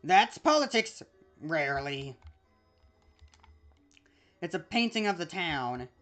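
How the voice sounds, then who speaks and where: A woman's voice: sits low, sing-song, slow pace, soft background music. A woman streaming a video game, reading the on-screen text aloud in a casual, chatty way with small asides.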